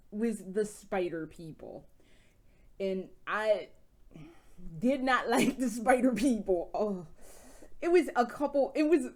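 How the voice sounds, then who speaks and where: A woman vlogger reviewing games in casual chat, telling stories in an animated, profane way with frequent laughs. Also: medium pitch. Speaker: video game vlogger.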